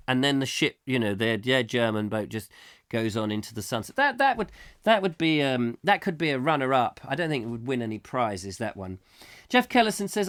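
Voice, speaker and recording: Rambling chat-show host. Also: male voice, mid-range voice, expressive, normal speed, a bit bright. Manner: meandering, with many restarts, acting out scenes. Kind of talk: rambling comic storytelling on a live chat show.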